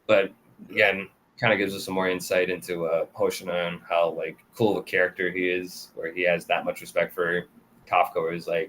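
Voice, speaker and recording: A man casually recapping anime episodes for a review show, talking loosely with lots of fillers and quick laughs. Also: low voice, level tone, a bit bright, a little hiss or hum. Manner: loose and chatty, full of "like" and "kinda", laughs often.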